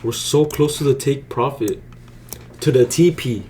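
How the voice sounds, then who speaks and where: A young man casually commenting on his day trades to viewers, slangy and excitable, swearing freely. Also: mid-range voice, unhurried, a little hiss or hum. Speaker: day trading vlogger. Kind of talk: casual live commentary while trading.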